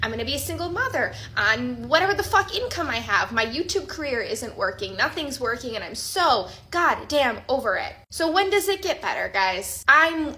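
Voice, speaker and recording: A woman's voice: high voice, bright, forceful tone. A woman vlogger venting to camera, exasperated and swearing, repeating herself.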